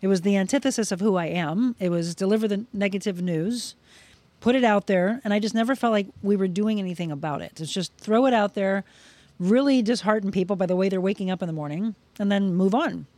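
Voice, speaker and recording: A middle-aged woman from Missouri, a guest on a podcast, recounting her career with animated storytelling. She acts out other people's lines as she goes. Her voice sits at an ordinary pitch, picked up close and dry. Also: fairly quick, dry recording. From Missouri, USA. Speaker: guest, broadcaster. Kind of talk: casual interview storytelling.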